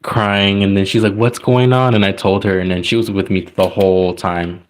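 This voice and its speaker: Deep-voiced man rambling casually. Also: little pitch movement, normal speed. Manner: rambling, many likes and restarts. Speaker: tarot reader. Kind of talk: casual storytelling.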